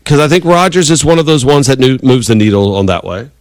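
A man's voice: medium pitch, fairly even intonation, fast, no echo. A man hosting a sports talk radio show, chatting casually and rambling with restarts. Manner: rambling, conversational, many restarts.

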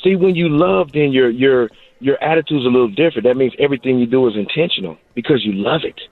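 Former-player caller, animated and emphatic, fast delivery over a phone line. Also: male voice, mid-range voice, dry recording. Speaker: former wide receiver and coach, phone guest. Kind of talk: casual sports radio chat.

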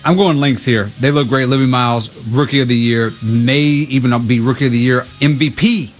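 A man's voice: mid-range voice, steady tone, normal speed, soft background music. Easygoing male radio guest. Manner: easygoing, agreeable. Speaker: guest picking games. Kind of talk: casual sports radio chat.

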